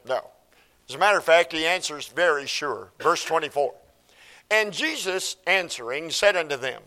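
A man's voice: a little high, animated, normal speed, sharp tone. A man preaching a sermon, reading scripture aloud and commenting on it, asking the congregation for an amen. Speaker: pastor.

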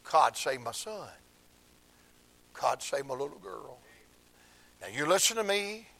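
An older man, preaching a sermon through emotional stories, swinging from hushed tones to shouts. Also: on the high side, lively intonation, takes it slowly, gravelly.

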